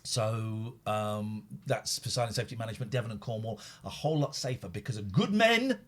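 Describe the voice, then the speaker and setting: A man's voice: lowish voice, lively intonation, fairly quick. A man hosting a live call-in show, chatting casually and joking as he goes. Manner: jokey, rambling, puts on silly voices. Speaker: host.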